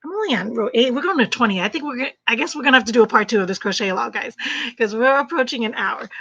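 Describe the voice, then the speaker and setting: A middle-aged woman talks her way through a live crochet stream, chatty and emphatic, often repeating herself. Her voice is bright and forceful. The livestream audio is a little dull and muffled. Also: on the high side, lively intonation, very fast, creaky. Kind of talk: casual livestream chat while crocheting.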